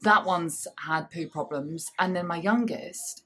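A woman in her thirties co-hosting a podcast, chatting casually with wry, deadpan asides. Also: lowish voice, a little slow, breathy edge. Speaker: podcast co-host. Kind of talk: casual chat. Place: small public toilet.

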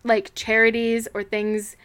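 A young woman co-hosting a casual podcast, talking in a chatty, rambling way full of fillers. Her voice is bright, smooth and resonant, and sits a little high. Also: monotone, unhurried. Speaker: podcast co-host. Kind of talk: casual chat.

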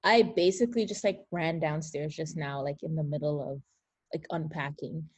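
A woman's voice: low-pitched, steady tone, normal speed, darkish tone, breathy edge. Cheerful, laughing woman podcast co-host. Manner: laughs often, tired but cheerful. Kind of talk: casual podcast chat.

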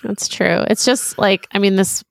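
A woman's voice: medium pitch, measured pace, vocal fry, no room sound, studio quality. A woman co-hosting a casual podcast, chatting and reading listener emails aloud in an easygoing way. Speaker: podcast host. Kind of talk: casual chat.

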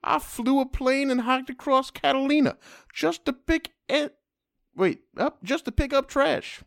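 A man co-hosting a comedy podcast, reading out a listener's letter with playful, deadpan humor. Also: very high-pitched, normal speed, creaky, no echo, studio quality. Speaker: podcast co-host.

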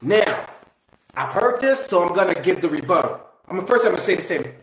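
A high-voiced man delivers a blunt motivational monologue, swearing casually and pressing the listener with direct questions. His voice bounces around a roomy, echoey space. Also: sing-song, brisk. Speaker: motivational speaker. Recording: roomy echo.

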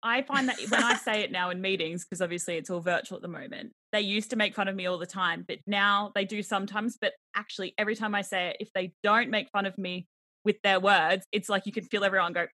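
A woman with an Australian accent touched by British sounds, co-hosting a podcast in animated casual chat. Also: medium pitch, fast, dry recording. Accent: Australian, with some British mixed in. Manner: chatty and animated, laughs easily. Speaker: podcast co-host.

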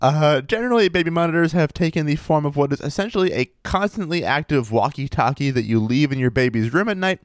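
A man co-hosting a casual podcast, telling creepy stories with a wry, animated delivery. His pitch moves around a lot. The recording is dry and close. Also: fast talker, few pauses, no echo. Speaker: podcast co-host. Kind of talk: casual chat, reading stories aloud.

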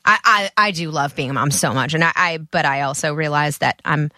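A woman's voice: low-pitched, fairly quick, sharp tone, dry recording. Chatty, self-deprecating woman on a podcast. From US East Coast. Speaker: podcast guest. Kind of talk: casual chat.

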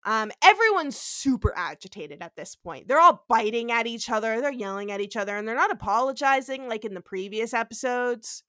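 A woman co-hosts a podcast in loose, casual chat. Her voice is bright and fairly high, and the sound is dry and close to the mic. She swears freely and slips into little acted-out quotes. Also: animated, fairly quick, hardly any pauses, no echo. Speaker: podcast co-host.

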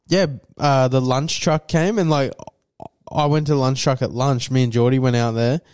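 A man's voice: mid-range voice, fairly even intonation, normal speed, darkish tone, clean tone, no echo, clean studio sound. A young adult man with an Australian accent, co-hosting a casual podcast chat in a laid-back, swearing, filler-heavy way. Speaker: podcast co-host.

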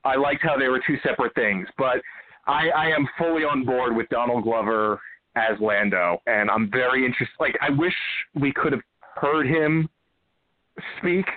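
A man calling in to a show, chatting casually and joking, with halting restarts. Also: mid-range voice. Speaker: caller. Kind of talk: casual call-in chat. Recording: tinny phone line.

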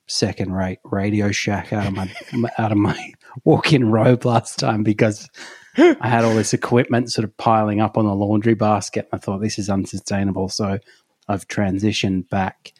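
An Australian man with a fairly low voice co-hosts a casual comedy podcast. He tells stories in a relaxed, easy way and laughs often. He records from his home office on a close, dry mic. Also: no echo. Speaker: podcast co-host.

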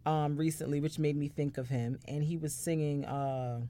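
A woman's voice: low voice, steady tone, normal speed, mellow. A woman co-hosting a casual chat show, rambling with fillers and mock indignation when teased. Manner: playfully dramatic, mock-indignant. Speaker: podcast co-host.

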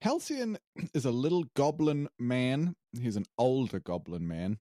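A man's voice: mid-range voice, big pitch swings, measured pace, warm tone, dry recording, clean studio sound. A man co-hosting a podcast, chatting casually and rambling with fillers. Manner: rambling, hesitant, with many fillers and laughs. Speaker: podcast co-host and player. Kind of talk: casual chat recapping a tabletop game.

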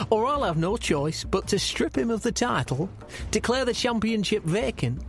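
A man putting on a gravelly stern wrestling boss. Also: high-pitched, voice pushed up. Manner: officious threatening announcement. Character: pompous male wrestling commissioner, stern. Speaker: comedy podcast character.

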